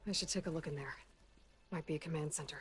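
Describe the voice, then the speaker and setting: An actress voicing a resolute young woman hunter in a video game, speaking in a low-key, terse manner. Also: fairly even intonation, quick pace, lightly acted. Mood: calm, focused. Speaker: game protagonist. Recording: game audio with clear background noise.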